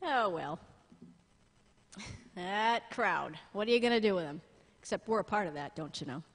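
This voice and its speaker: A woman pastor preaching a sermon in a church, lively and humorous, with asides to the congregation. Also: medium pitch, moderate pace, long reverb tail. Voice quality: blind, jokes about herself.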